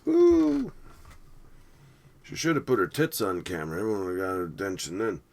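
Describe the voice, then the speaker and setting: A man's voice: low voice, sing-song, very fast. A man talking casually over a film, rambling with wry, sarcastic asides. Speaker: movie commentator. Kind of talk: casual running movie commentary.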